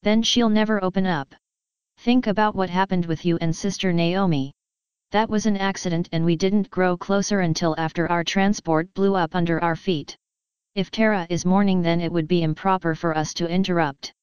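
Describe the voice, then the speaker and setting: A woman's voice: on the low side, fairly even intonation, normal speed, darkish tone, smooth, no room sound, muffled recording, lightly acted. A woman voicing an earnest, steadfast young warrior sister who speaks firmly.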